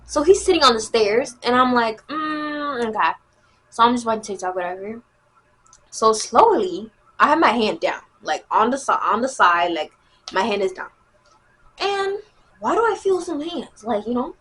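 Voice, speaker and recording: A young woman, telling a casual storytime vlog in a chatty, animated way. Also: a little high, moderate pace, breathy edge. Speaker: vlogger.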